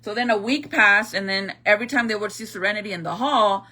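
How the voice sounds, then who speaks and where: A woman's voice: mid-range voice, fast talker, pushed and bright. A young woman telling a story in a heated, profane, slangy rant, as a vlogger.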